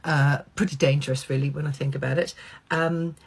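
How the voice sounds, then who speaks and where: A middle-aged woman vlogger telling a personal anecdote, animated, swearing freely and acting out quoted lines. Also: deep voice, fairly quick, breathy edge.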